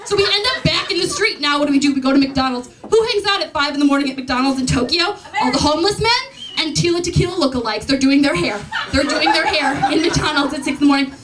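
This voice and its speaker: High-voiced young woman telling a comic story. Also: fast, far from the mic, noisy background. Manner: animated, comic, laughs through lines. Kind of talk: live story slam telling. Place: stage at a live event.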